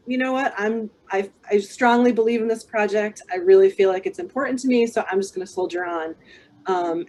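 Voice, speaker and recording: A woman book coach talks through a writer's worry in a casual, thoughtful way. She pauses often with ums and restarts her sentences, her voice sitting at a middle pitch. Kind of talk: casual advice chat.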